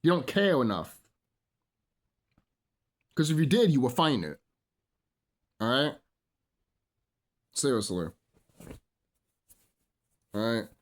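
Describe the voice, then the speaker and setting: A man's voice: mid-range voice, very animated, takes it slowly, pauses often. A man ranting in a solo monologue, profane and rambling, full of fillers, preaching to his listeners as brothers and sisters. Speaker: vlogger.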